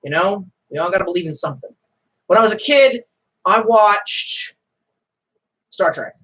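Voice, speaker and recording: A man's voice: high-pitched, lively intonation, moderate pace, bright, forceful tone, slightly rough, low-quality recording. A man ranting profanely on a live stream.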